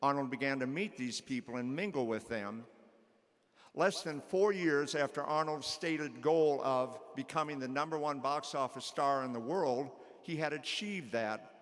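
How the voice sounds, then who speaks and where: A middle-aged male teacher giving a commencement speech, telling a story in a measured way with a repeated refrain. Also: a little high, fairly bright tone, long reverb tail. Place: graduation ceremony in a large hall.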